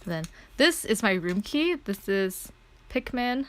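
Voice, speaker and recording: A young adult woman streamer telling a story in a casual chat. She is excitable, laughs often and says "like" a lot. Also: on the high side, unhurried.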